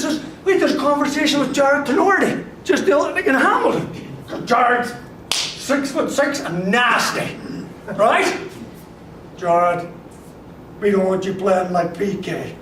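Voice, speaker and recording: A man gives an animated motivational talk to a live audience. His voice sits high and swings widely as he laughs and acts out quoted voices. He is caught from far off in an echoey hall with a clear hum of room noise. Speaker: sports psychology speaker.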